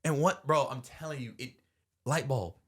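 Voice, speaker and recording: A man's voice: mid-range voice, moderate pace, husky. A young man hosting a podcast, telling a personal story earnestly, full of slang like bro and man. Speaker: podcast host.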